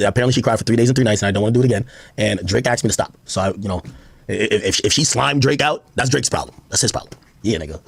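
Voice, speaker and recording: A man talking casually on a livestream, animated and laughing, often mimicking other people. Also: medium pitch, husky, dry recording. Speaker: livestream streamer.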